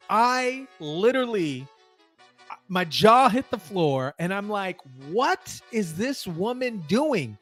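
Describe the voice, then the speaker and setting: A man with a high, slightly bright voice rants excitedly on his commentary vlog, sharing his opinions. He sounds incredulous and mocking, and often breaks into laughter.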